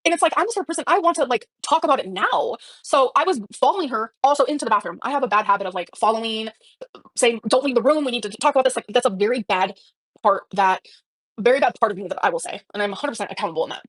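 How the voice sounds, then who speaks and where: A woman's voice: on the high side, expressive, fast talker, a bit bright, no echo. A woman livestreaming, telling a personal story in a rambling, emotional way with many fillers. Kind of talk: casual livestream chat.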